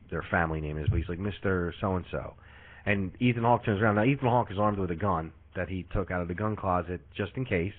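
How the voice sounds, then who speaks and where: Profane young man ranting on lo-fi audio. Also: fairly low pitch. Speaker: podcast host. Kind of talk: casual chat, retelling a movie. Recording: tinny lo-fi livestream audio.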